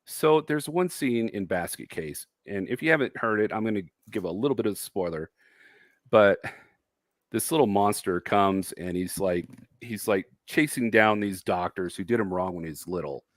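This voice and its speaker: Low-voiced guy on a livestream, rambly, laughs a lot, dry sound. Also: moderate pace, no room sound. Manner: rambling storyteller, laughs often. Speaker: co-host. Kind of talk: casual livestream chat.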